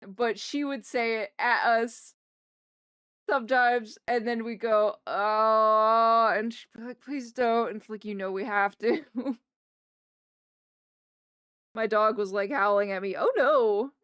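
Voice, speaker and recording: A woman's voice: fairly high pitch, steady tone, measured pace, long pauses, fairly bright tone, clean tone, no echo, studio quality. A woman streamer chatting casually from her desk at home while she draws, rambling and talking to her pets. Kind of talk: casual livestream chat while drawing. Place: home desk in a wheeled chair.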